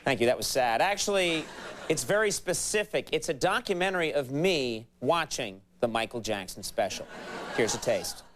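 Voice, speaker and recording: Late night host guy, wry and quick, crowd in the studio. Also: mid-range voice. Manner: quick, wry, deadpan-teasing. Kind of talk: comedy monologue and sketch banter. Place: TV studio before a live audience. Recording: studio audience and background noise.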